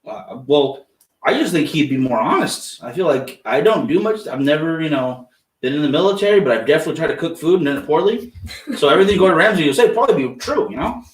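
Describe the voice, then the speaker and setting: A woman's voice: low-pitched, expressive, fast talker. A woman co-hosting a casual livestream podcast, reading the chat and making dry, self-mocking jokes. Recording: echoey room, distant mic.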